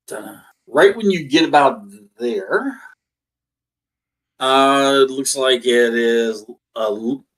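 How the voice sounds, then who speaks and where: A man's voice: medium pitch, a bit bright, rough recording. Stammering man running a tabletop game. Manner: loose, stammering restarts. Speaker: dungeon master.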